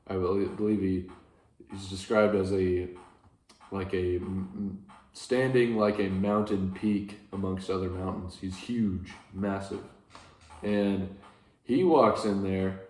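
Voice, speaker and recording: A man with a lowish voice retells an old epic in an unhurried, rambling lecture, stopping to correct himself and add dry asides. The room around him is echoey. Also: darkish tone. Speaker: teacher retelling a classic epic.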